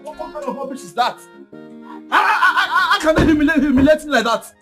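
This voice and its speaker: An actor playing a touchy, hot-tempered younger brother, shouting and stammering in a Nigerian English accent. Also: male voice, very high voice, lively intonation, fairly quick, over music. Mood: outraged. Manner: agitated, shouting, stammering repeats. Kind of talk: Nollywood film acting.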